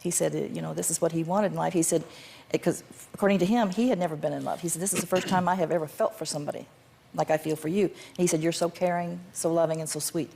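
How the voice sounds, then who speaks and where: A woman's voice: low-pitched, steady tone, fast talker, creaky, dark tone, a little hiss or hum. An older woman, a guest on a talk show, who answers in a curt, defensive and insistent way. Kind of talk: studio interview.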